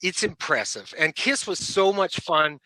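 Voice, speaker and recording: Bright-voiced man telling rock tour stories. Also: high-pitched, a little slow, dry recording, rough recording. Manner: animated storyteller who laughs between lines. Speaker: rock band lead singer, guest. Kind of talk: casual anecdote telling.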